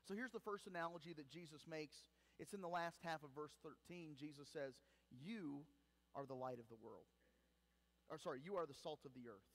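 Male pastor, slightly high voice, animated sermon delivery, long church reverb. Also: normal speed. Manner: animated preaching with emphatic rises and sudden quiet drops. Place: church sanctuary.

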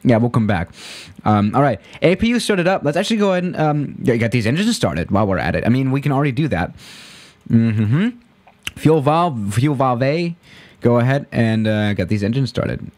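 A man's voice: mid-range voice, very animated, normal speed, darkish tone. Laid-back rambling male streamer. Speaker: flight sim streamer. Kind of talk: casual live-stream chat.

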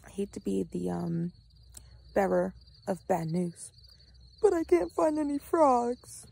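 A woman's voice: medium pitch, big pitch swings, takes it slowly, vocal fry, mellow, slightly rough, poor audio. A woman chatting casually to camera as a vlogger, goofy and chatty, often dropping into a whisper. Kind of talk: casual vlog chat. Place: outdoors by a pond.

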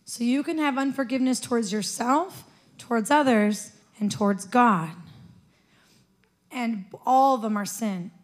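Expressive high-voiced woman preaching. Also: measured pace. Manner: animated storytelling, often laughing. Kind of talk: sermon. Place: church.

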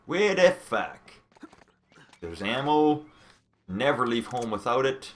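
A Canadian man commentating a video game live, excitable and swearing often. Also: mid-range voice, slow pace. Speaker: let's play streamer. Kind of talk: casual gameplay commentary.

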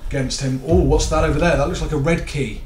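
A man commentates on a horror game at an ordinary pitch, chattering to himself in a jittery, swearing stream. His voice rings a little in an echoey room, with a faint hum of noise behind it. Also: fairly even intonation, fast, a little mellow. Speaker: gaming video host.

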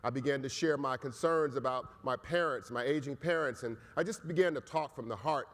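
Male keynote speaker, conversational storyteller, medium pitch, big reverberant hall. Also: brisk. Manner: conversational, often tags lines with "right?". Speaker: keynote speaker, college professor. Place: large conference hall. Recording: echoey hall.

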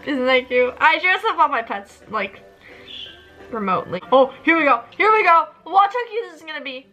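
A young woman vlogger giving excitable, casual commentary over gameplay, often squealing and laughing. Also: high-pitched, moderate pace, faint music behind, low-quality recording. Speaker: gaming vlogger.

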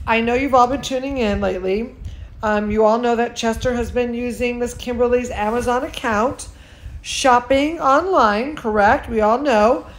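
A woman's voice: on the high side, rough recording. A woman teacher hosting a live bedtime story from her bed at home, chatting in a doting sing-song way to her pet and to the children watching. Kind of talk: casual live-stream chat.

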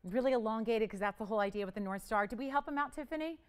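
A woman hosting a live jewelry shopping show, pitching items in chatty, joking, upbeat patter. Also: lively intonation, racing, clear, resonant tone. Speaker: shopping channel host.

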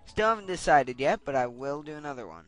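A man's voice: on the high side, expressive, quick pace, a bit bright. A young man giving casual gameplay commentary, getting frustrated and swearing as he rants. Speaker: Let's Play commentator. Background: game music.

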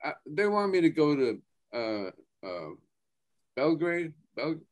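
A man's voice: on the high side, sing-song, slow. A laid-back man who joins as a guest over a video call. He talks loosely in casual chat, laughing and swearing as he goes.

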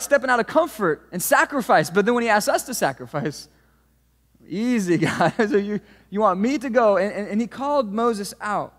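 A man in his thirties preaching a sermon, telling stories with lively swings from hushed asides to loud outbursts. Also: sits high. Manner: animated storytelling, swings from hushed to shouting. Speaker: pastor. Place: church auditorium. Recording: long hall reverb.

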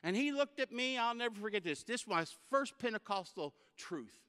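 Male guest preacher, comic storyteller, high bright tone, long hall reverb. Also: lively intonation, a little fast, clean tone. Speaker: guest speaker. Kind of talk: humorous sermon storytelling. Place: church sanctuary.

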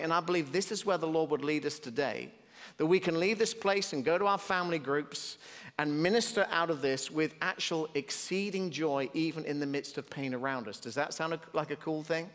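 British pastor preaching in a reverberant hall. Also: male voice, on the high side, a little fast, fairly bright tone. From Britain. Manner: conversational preaching with humorous asides. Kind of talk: sermon.

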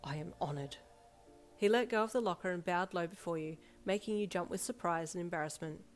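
A woman's voice: fairly low pitch, fast talker. A woman reading a fan story aloud in scripted narration. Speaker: fanfiction reader. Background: soft backing music.

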